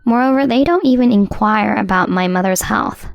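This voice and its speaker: A woman narrating a scripted first-person story in an even, measured way. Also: medium pitch, creaky, no echo, muffled recording, soft background music.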